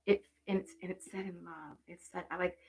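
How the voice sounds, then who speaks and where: A middle-aged woman working as a medium on a live stream, chatting warmly with many fillers and restarts. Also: on the low side, fairly even intonation, fairly quick, a little hiss or hum. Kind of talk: live-stream reading and chat.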